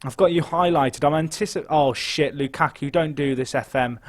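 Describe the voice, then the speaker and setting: A young man giving chatty live commentary on a football management game, nervous and excitable, muttering and then shouting. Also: fairly high pitch, moderate pace, hardly any pauses. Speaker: game streamer.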